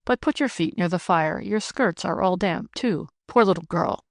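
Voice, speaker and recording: A woman's voice: on the low side, normal speed, dry recording, studio quality, natural voice. A woman reading the part of a sturdy, good-humored widowed ploughman in an audiobook, sounding hearty and earnest.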